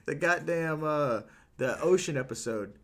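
A man's voice: animated, measured pace. A man in his thirties co-hosting a podcast, chatting casually and swearing a lot. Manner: swears a lot, bursts into falsetto song. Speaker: podcast co-host. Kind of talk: casual chat.

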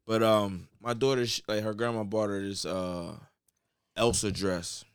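A young man co-hosting a podcast in casual chat, laid-back and quick to laugh, often restarting his sentences. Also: on the low side, steady tone, a little hiss or hum. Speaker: podcast co-host.

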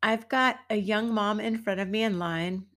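A middle-aged woman from the United States hosts a podcast and tells a casual story with a wry edge. Her voice sits at a middle pitch, and she sounds chatty and at ease. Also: fairly even intonation, moderate pace, a bit bright. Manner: chatty and wry, acts out quoted people. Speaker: podcast host and dance teacher.

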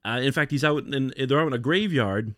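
A man talks through a comic's plot in a relaxed, rambling way, slipping into quick voices for the characters. His voice sits in the middle range and is recorded close and dry, with no room sound. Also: mid-range voice, dry recording. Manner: rambling retelling with acted-out quotes. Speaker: podcast co-host. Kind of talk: casual chat.

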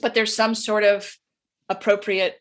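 A woman's voice: medium pitch, level tone, unhurried. A woman co-hosting a casual podcast chat, talking in an earnest, reflective way and often trailing off mid-thought. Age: adult with a young daughter. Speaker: podcast co-host.

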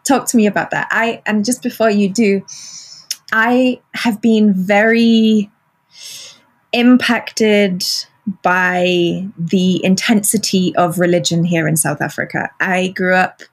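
A woman hosting an interview, asking questions and reflecting on her own upbringing in a thoughtful way, with pauses. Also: mid-range voice, steady tone. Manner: reflective, pausing. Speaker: interviewer, podcast host.

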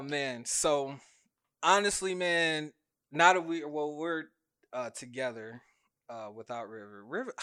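A man's voice: a little high, fairly bright tone, clean tone. A man co-hosting a podcast in loose, casual chat, laughing easily and swearing freely. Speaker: podcast co-host.

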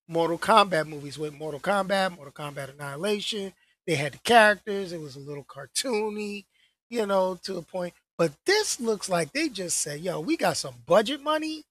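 A young woman talking straight to her audience in a casual vlog rant about movie news, her husky voice swinging up and down a lot. She's slangy and animated, loves repeating a phrase for effect, and keeps throwing in exasperated asides. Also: medium pitch. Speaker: vlogger.

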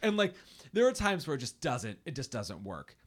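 A man co-hosts a relaxed movie podcast, his talk full of stops, fillers and little laughs. His pitch swings widely from phrase to phrase. He sounds like a man in his thirties chatting at a home mic. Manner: halting, many restarts and fillers, laughs often. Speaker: podcast co-host. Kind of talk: casual film discussion podcast. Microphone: home studio mic, typing nearby.

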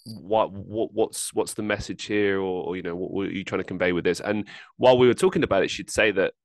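Low-voiced man rambling in a podcast chat. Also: brisk, no room sound. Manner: rambling, self-deprecating, repeats words. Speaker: podcast host. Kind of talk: casual interview chat.

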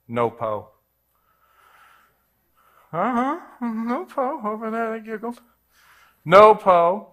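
A man in his forties, a pastor preaching a storytelling sermon, swinging between hushed asides and loud, excited bursts. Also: mid-range voice. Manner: animated, jumps between hushed and loud, acts out voices.

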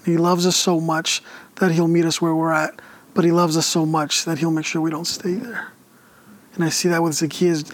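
Man, earnest, halting delivery, flat intonation, slightly high voice. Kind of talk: casual chat.

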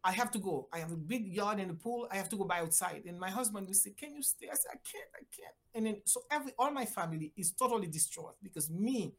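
An older woman from Haiti, a physician guest telling a personal story with lively voiced-out quotes and big swings in pitch. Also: quick pace, hardly any pauses. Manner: animated, acts out voices with big pitch jumps.

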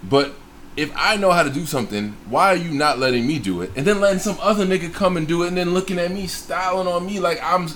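A man's voice: high voice, fast talker, a little hiss or hum. A man casually telling a personal story in a group chat, swearing freely and acting out the voices of the people in it. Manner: profane, animated retelling with acted-out quotes.

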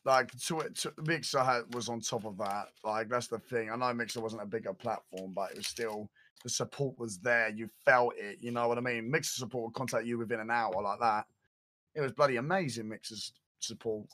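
A man's voice: mid-range voice, brisk, fairly bright tone, slight background noise. A young man, chatting and joking casually with his stream co-host. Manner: joking, teasing, rambling.

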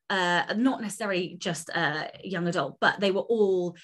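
A woman's voice: lowish voice, normal speed, hardly any pauses, fairly bright tone. A woman author chatting as an interview guest, enthusiastic and talkative, with plenty of fillers. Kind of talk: casual interview conversation.

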